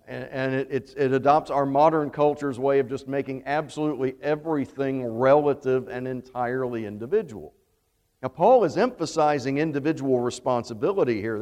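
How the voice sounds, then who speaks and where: A man with a Southern US accent teaches a Bible study class in a church classroom that is also streamed online. His mid-range voice has a darkish tone, and he talks conversationally, putting questions to the class. A long hall reverb colors the recording.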